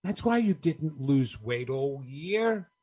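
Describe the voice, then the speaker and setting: A man's voice: on the high side, very animated, slow, darkish tone, husky. A man giving a motivational talk, emphatic and rhetorical, repeating his key phrases and asking the listener questions. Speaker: speaker on New Year's resolutions.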